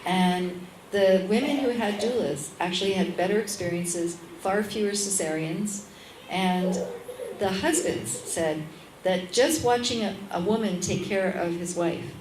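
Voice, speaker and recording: A woman midwife speaking as an interview guest, telling a lively anecdote and acting out the voices of the people in it. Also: medium pitch, measured pace, reverberant, far from the mic, background noise. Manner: animated, acts out the voices in her stories. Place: restaurant at a lunchtime public talk.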